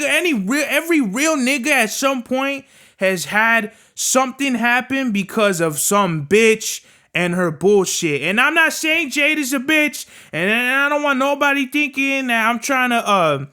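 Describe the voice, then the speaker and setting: A young man with a high, bright, forceful voice rants as a podcast host. He talks in a loose, profane way and keeps coming back to "bruh" for emphasis. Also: smooth. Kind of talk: casual opinion rant.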